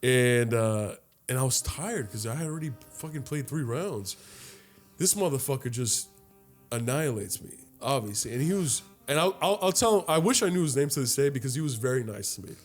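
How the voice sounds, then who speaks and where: Profane animated young man telling a story. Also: medium pitch, a little fast, faint music behind. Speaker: podcast co-host. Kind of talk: casual chat.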